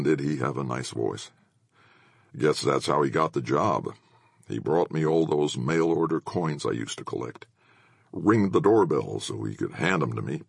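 A man voicing a huge bearded man recalling his childhood in a hushed, awed tone. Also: a bass voice, creaky, husky, no room sound, studio quality, full character voice.

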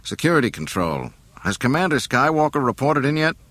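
A man's voice: medium pitch, sing-song, brisk, no room sound, voice pushed up. Han Solo, brash impatient pilot a man plays. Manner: sharp, snapping and forceful.

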